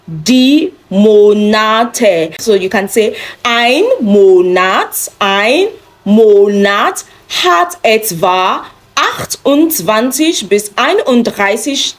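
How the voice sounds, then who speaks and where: Woman teacher for a beginner lesson, speaks slowly and repeats every word. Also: fairly high pitch. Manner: slow, repeats each word several times for practice. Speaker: German teacher.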